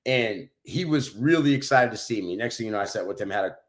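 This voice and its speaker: Loud brash guy on a podcast, swears a lot, telling stories. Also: lowish voice, lively intonation, fast talker. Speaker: podcast co-host. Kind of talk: casual chat, storytelling.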